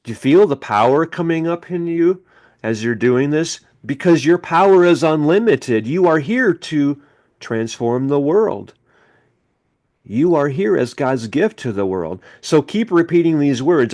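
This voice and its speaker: A man's voice: on the high side, animated, measured pace, darkish tone. A middle-aged man hosting a motivational self-help podcast, preaching emphatically and leading listeners in chanted mantras. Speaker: podcast host.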